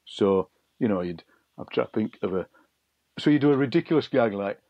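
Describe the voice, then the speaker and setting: A middle-aged man, a poet being interviewed, telling lively anecdotes and acting out voices he overheard. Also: lowish voice, fairly quick, no echo. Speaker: poet and broadcaster, guest. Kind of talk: interview storytelling. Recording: dull lo-fi dry sound.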